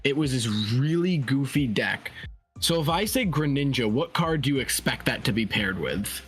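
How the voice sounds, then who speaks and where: A man's voice: medium pitch, animated, normal speed. A man co-hosting a card game stream, chatting casually and rambling with a lot of "like". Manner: chatty, lots of "like", rambling stories. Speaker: stream co-host. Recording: faint music behind. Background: faint music.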